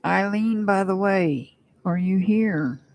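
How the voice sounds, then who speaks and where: A woman's voice: medium pitch, slow pace, darkish tone. A woman doing a live-stream tarot reading, chatting and rambling with her viewers and laughing often. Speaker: tarot reader.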